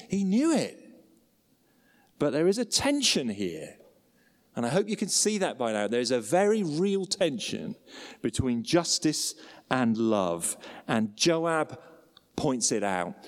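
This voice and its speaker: A man preaching a sermon with expressive emphasis and rhetorical questions. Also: on the high side. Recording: long hall reverb.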